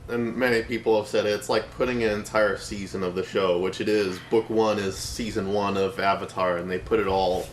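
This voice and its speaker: A man's voice: lowish voice, steady tone, a little fast, few pauses. A young man chatting casually on a vlog, explaining things in a dry, matter-of-fact way. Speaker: vlog co-host. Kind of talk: casual chat. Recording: echoey room, faint noise.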